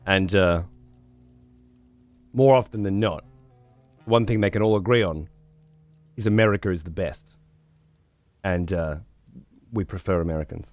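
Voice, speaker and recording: A man's voice: low-pitched, unhurried, pauses often, dry recording, faint music behind. A man livestreaming, chatting to viewers in a rambling, profane way and repeating words as he thinks. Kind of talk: casual chat to stream viewers.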